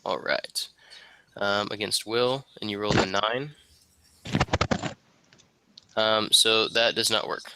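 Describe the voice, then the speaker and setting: A man's voice: lowish voice, steady tone, slow, pauses often, heavy background noise. A man narrating as game master of a tabletop game, describing the scene with lots of fillers.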